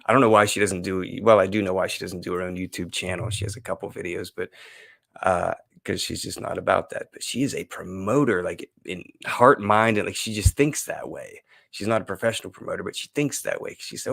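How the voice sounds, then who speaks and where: A man's voice: low voice, brisk, gravelly, a bit bright, no room sound. A man hosting a casual solo live stream, rambling and gushing with lots of fillers and restarts.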